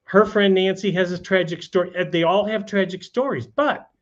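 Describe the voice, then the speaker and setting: A man with a slightly raised pitch tells a personal story as a guest, loose and conversational, dropping "you know" between thoughts. The sound is muffled and lo-fi. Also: moderate pace. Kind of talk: casual storytelling. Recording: dull lo-fi sound.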